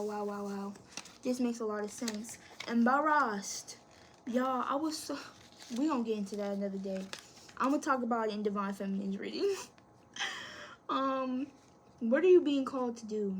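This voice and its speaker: A woman's voice: on the high side, a little hiss or hum. A woman reading tarot to camera, encouraging and speaking straight to the viewer, thinking aloud as she pulls cards. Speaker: tarot reader.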